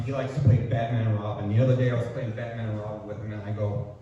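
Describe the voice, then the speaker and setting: A man's voice: medium pitch, fairly even intonation, brisk, dark tone. Older man doing stand-up comedy. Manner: self-deprecating, punchline delivery. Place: small coffee house stage. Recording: echoey, distant, dull, noisy room recording. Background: audience laughter and room ambience.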